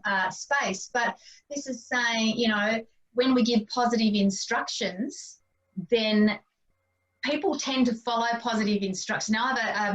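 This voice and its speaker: A woman hosting an online parents' discussion, chatty and animated when she tells stories. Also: on the high side. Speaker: parenting group host. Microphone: video call. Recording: dull lo-fi sound, distant from mic.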